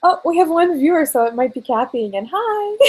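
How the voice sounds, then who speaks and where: A woman's voice: extremely high pitch, darkish tone, poor audio. A woman vlogger chatting casually on a live video call, rambling and laughing often. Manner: giggly, rambling, lots of likes. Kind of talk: casual live-stream chat.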